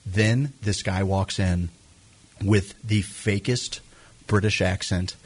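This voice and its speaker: A young man telling a rambling, animated story full of fillers on a talk show. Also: sits low, slow, slightly rough. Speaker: guest storyteller.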